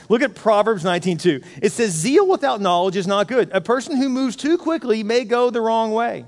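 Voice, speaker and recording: Man, middle-aged pastor, high voice, animated preaching, long hall reverb. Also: fairly quick, few pauses. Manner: animated, acts out his own inner voice. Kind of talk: sermon.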